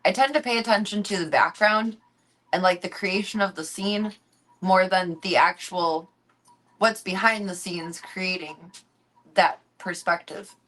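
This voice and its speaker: A young woman with a mid-range, fairly bright voice streams from home at a measured pace. She chats casually, swears freely, and coos baby talk at her pets.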